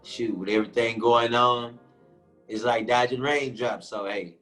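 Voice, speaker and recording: A man's voice: medium pitch, fairly even intonation, a little slow, fairly bright tone, faint music behind, low-quality recording. A man from Houston, a guest musician in a casual interview over a video call, laid-back and rambling with lots of fillers. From Houston, Texas.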